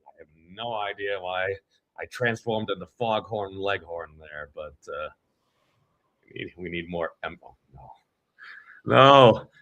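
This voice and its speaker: A New England man co-hosts a podcast, reading an article while offering rambling commentary that keeps interrupting itself. His voice is low-pitched and a bit bright, at a measured pace.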